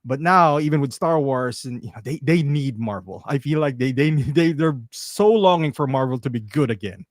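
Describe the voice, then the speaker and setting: A man chatting casually as a podcast guest, animated and laughing as he talks. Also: mid-range voice, normal speed, dry recording, studio quality. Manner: animated, laughs often, mimics others. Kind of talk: casual chat.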